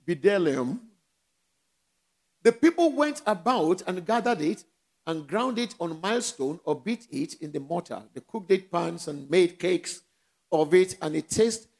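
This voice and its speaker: A man's voice: high voice, creaky. A man with a Nigerian accent preaching a sermon, asking the church questions and letting them call back the answers. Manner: call-and-response preaching, rising and dropping in volume. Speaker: pastor.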